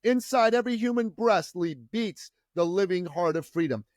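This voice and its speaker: A man from Iran, an entrepreneur guest on a podcast, tells his story with fervent, preacher-like delivery. His voice is high and a little mellow, with lively intonation at a moderate pace, captured in clean studio sound with no room sound.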